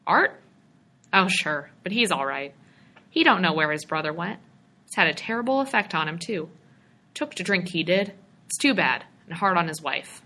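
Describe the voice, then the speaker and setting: Folksy real estate man, chatty and rural-sounding, bright tone, read by a woman. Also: on the low side, lively intonation, moderate pace, full character voice. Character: folksy middle-aged male small-town real estate man.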